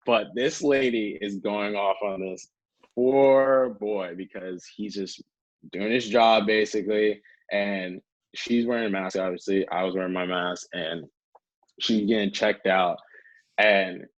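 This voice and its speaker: A man's voice: on the low side, normal speed, dry recording, lo-fi sound. A young man from North Carolina, a guest telling stories casually, rambling and peppered with filler words. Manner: rambling, peppered with 'like', acts out quotes. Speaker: guest, pro hockey player. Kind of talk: casual storytelling.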